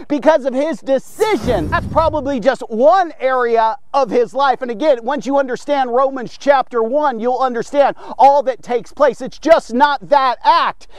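A man with a strikingly high voice delivers a devotional sermon. The sound is dry and close, with no room around it. He preaches emphatically and keeps stopping to check in with his listeners. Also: no room sound.

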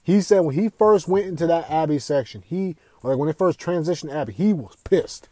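A young man hosting a casual gaming podcast, talking in an excitable, profane, rambling way. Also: fairly high pitch, brisk, no echo. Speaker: podcast host.

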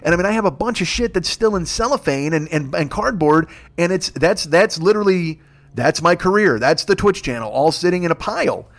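A man's voice: sits high, lively intonation, brisk. A man in his fifties, a podcast host telling a rambling, profane comic story and acting out the people in it. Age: 50s. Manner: acts out quoted voices. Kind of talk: solo comedic storytelling.

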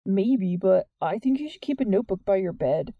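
A woman reading the part of an earnest, worried teenage boy who talks softly and sincerely in an audiobook. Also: mid-range voice, lively intonation, normal speed, dry recording, muffled recording. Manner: soft, plain and sincere.

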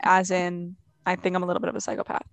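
A woman's voice: lowish voice, level tone, fast, gravelly, crowd noise. A woman in casual podcast chat, blunt and playful.

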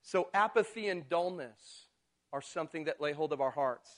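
A man preaching a sermon who moves from quiet asides to loud, slowed-down build-ups, and acts out people's excuses in mocking voices. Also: fairly high pitch, lively intonation.

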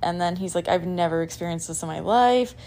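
A woman's voice: fairly low pitch, fairly quick, vocal fry, mellow. A young woman hosting a casual podcast, rambling in a scattered, chatty way with lots of "like" and "um". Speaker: podcast host.

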